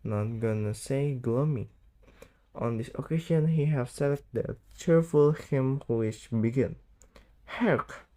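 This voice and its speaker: A teenage student reads a classic novel aloud, slowly and carefully. His tone is mellow and soft, and he often stumbles over words or gets them wrong. It sounds like a school read-aloud, not a polished narration. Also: mid-range voice. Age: late teens. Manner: halting, misreads words, stumbles. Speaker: student reading an audiobook.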